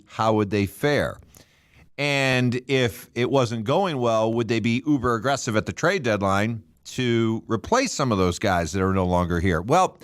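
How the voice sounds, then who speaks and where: A man's voice: medium pitch, dry recording, clean studio sound. A man hosting a sports talk radio segment, delivering casual solo commentary with a self-aware, snarky streak and a loose, rambling flow. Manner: conversational, self-aware snark, frequent restarts and fillers.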